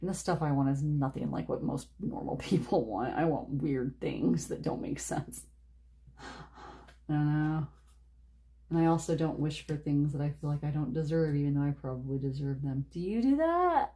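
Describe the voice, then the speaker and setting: A woman's voice: low voice, animated, normal speed, warm tone. A woman giving a casual pick-a-card tarot reading, rambling and chatty, laughing often. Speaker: tarot reader.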